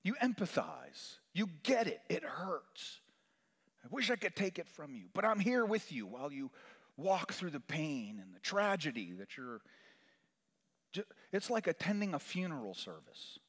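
A man preaching a sermon in a church sanctuary, his voice carrying a long reverb through the hall. He talks in a lively, animated way, pushing up loud and high for emphasis, then sinking to hushed, near-whispered lines. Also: moderate pace. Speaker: chaplain.

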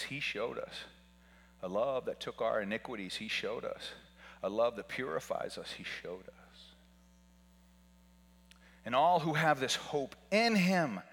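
A man's voice: medium pitch, husky. Man preaching with long hall reverb. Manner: swings from shouted repetition to hushed near-whispers. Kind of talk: sermon. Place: church.

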